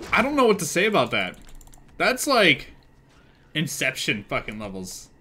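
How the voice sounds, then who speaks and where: A young man streaming a game live and chatting casually, excitable and swearing freely as he thinks aloud. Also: on the high side, moderate pace, long pauses, breathy edge.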